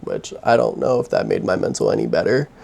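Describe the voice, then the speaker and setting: A young man vlogging from his home, telling his own story in a candid, halting way with heavy sighs. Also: low voice, huge pitch swings, gravelly, a little mellow, breathy edge. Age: young adult. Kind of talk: personal confessional story.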